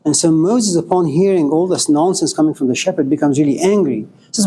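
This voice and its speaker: A man's voice: fairly high pitch, a little fast, hardly any pauses, warm tone. A man giving an informal spiritual lecture to a live audience, joking and telling stories in a loose, conversational way.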